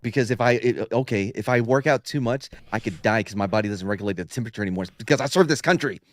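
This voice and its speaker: A man's voice: lowish voice, rapid-fire. A man co-hosting a podcast, joking at his own expense with frequent swearing in casual chat. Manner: profane, self-mocking banter. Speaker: podcast co-host.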